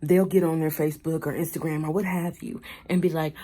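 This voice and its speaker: A woman's voice: low voice, level tone, a little fast, warm tone. A woman in her thirties vlogging from a car, giving her blunt, outspoken opinions and swearing freely. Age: 30s. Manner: mocks others with trailing "da, da, da". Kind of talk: casual opinion rant to camera.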